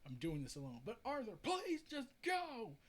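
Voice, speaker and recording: A man's voice: very high voice, wildly swooping pitch, moderate pace, pitched above the performer's own voice, exaggerated voice. A man voicing an angry, defiant young male comic-book hero, speaking in a raised, strained voice. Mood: strained anger.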